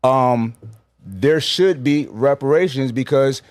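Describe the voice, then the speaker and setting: A man's voice: mid-range voice, slow pace, no echo. A man from New York talking bluntly and emphatically as a guest in a casual podcast conversation, swearing freely.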